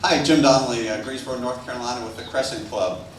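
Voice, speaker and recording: A man's voice: mid-range voice, fairly even intonation, fast, slight background noise. A man in the audience, asking a thoughtful question in a reflective tone. He is heard from far off in a hall with heavy echo.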